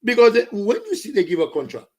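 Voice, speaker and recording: A man's voice: high voice, very animated, fast talker, slightly rough. A man with a Saint Lucian accent ranting about politics, slipping into Creole and French. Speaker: political commentator. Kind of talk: impassioned political rant.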